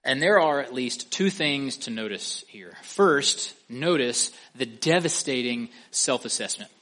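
A man preaching an expository sermon, emphatic, asking the listeners questions and slowing down or speeding up for stress. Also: mid-range voice, animated, fairly bright tone. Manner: emphatic, asks the listeners questions, varies pace and volume for stress.

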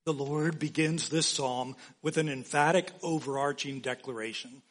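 A man preaching a sermon as pastor, slow and emphatic, repeating key phrases for weight. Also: medium pitch, fairly bright tone.

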